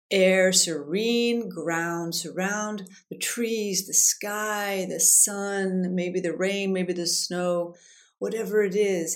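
A middle-aged woman hosting a podcast as a life coach, chatting casually, telling stories and guiding a breathing exercise. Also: on the low side. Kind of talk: casual solo podcast talk.

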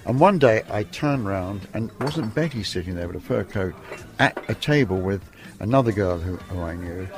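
A man's voice: lowish voice, animated, moderate pace, music in the background. An older man from Ireland, a photographer telling stories from his career in a chatty, reminiscing interview. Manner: reminiscing, chatty, laughs between lines. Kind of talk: storytelling interview.

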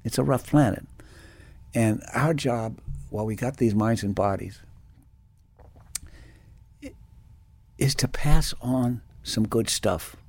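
A man's voice: medium pitch, slow, pauses often, darkish tone, breathy edge, no room sound. A man giving a reflective spiritual talk, telling personal stories with many restarts and fillers. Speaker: spiritual teacher.

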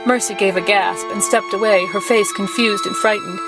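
A woman's voice: medium pitch, fairly even intonation, normal speed, rough recording. A woman reading fiction aloud as a guest reader, in storytelling narration. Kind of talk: audiobook-style narration. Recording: music playing behind voice.

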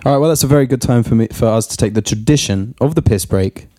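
A man's voice: mid-range voice, fast talker, crowd noise. A man hosting a podcast in a loose, joking way, a little drunk. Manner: joking, banter-heavy, tipsy. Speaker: podcast host. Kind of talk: casual podcast chat.

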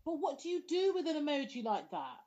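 A woman chatting casually as a podcast co-host, animated, sassy and outspoken. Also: sits high, fast, highs cut off. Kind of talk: casual chat.

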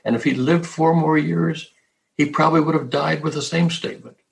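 An older man, a podcast guest, thinking out loud in a thoughtful way and quoting himself as he goes. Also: a little high, a little fast, creaky, poor audio. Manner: thoughtful, speaks in restarts, quotes himself. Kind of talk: reflective casual chat.

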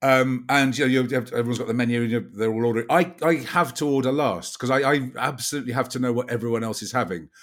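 A man's voice: medium pitch, quick pace, hardly any pauses. A man, a podcast guest, chatting casually and rambling with self-deprecating stumbles and repeated words. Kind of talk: casual comic chat.

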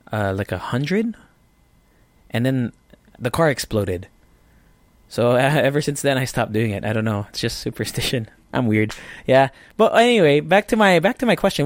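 A man's voice: medium pitch, no room sound. A man with a Filipino English accent hosting a casual solo podcast from his apartment, rambling and chatty with self-deprecating humor. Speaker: podcast host.

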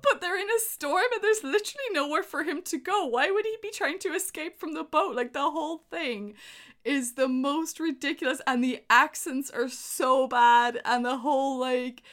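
A woman with a fairly high voice, co-hosting a relaxed podcast chat. She laughs often, swears freely and rants about what she dislikes with plenty of enthusiasm. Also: moderate pace. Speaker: podcast co-host. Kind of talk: casual chat reviewing a film.

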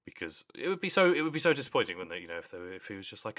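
A man's voice: fairly low pitch, very animated, racing, fairly bright tone. A man co-hosting a podcast, talking in an earnest, thoughtful casual chat. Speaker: podcast co-host.

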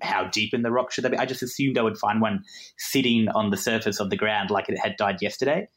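A man's voice: fairly low pitch, fast talker, fairly bright tone. A young Australian man, a podcast guest telling a rambling, self-deprecating story with frequent laughs and asides. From Queensland, Australia. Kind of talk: casual conversational storytelling.

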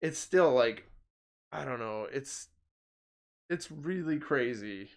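A man's voice: mid-range voice, lively intonation, takes it slowly. A man in casual chat, telling stories animatedly, laughing often and acting out quotes.

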